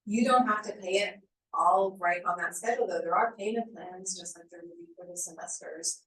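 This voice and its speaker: A woman's voice: fairly low pitch, brisk, a bit bright. A woman on the staff explaining fees and payment plans in a matter-of-fact way at an information session. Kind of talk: answering questions at an info session. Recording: echoey room, distant mic, faint hum.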